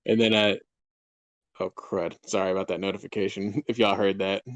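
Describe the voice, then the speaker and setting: A man's voice: low-pitched, flat delivery, normal speed, dry recording, dull audio. A man in his twenties, a guest author, rambling through a casual interview, laughing often and trailing off mid-sentence. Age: 20s.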